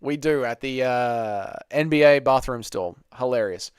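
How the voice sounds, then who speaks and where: A man's voice: mid-range voice, measured pace, clean tone, no echo, studio quality. A young man hosting a casual live Q&A, reading chat messages aloud and bantering with viewers.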